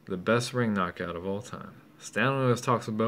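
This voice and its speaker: With few pauses and a fairly quick delivery, a young man on the low side vocally rambles and brags in a drunken, profane monologue. He's a self-styled boxing champion vlogger talking casually, and faint background noise is present.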